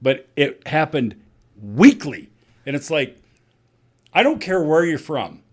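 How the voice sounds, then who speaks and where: A man's voice: on the high side, sing-song, slow pace, breathy edge. A man from South Dakota co-hosting a casual sports podcast, telling stories bluntly and swearing freely. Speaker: podcast co-host.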